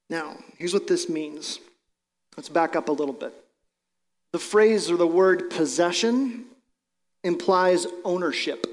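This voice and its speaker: In a sermon, a male pastor with a high voice preaches in a conversational, explanatory way. A long reverb surrounds his voice, as in a large church hall.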